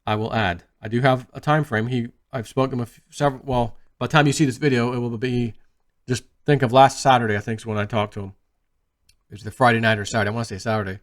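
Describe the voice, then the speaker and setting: A man's voice: medium pitch, a bit bright. Chatty man rambling about his trades. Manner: chatty, rambling, lots of restarts and retold asides. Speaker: crypto YouTuber. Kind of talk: casual monologue to camera.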